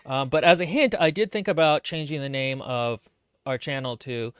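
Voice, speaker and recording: A man co-hosting a casual book-club podcast stream, talking in quick, joking asides. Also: medium pitch, clear, resonant tone, dry recording, clean studio sound. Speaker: podcast co-host.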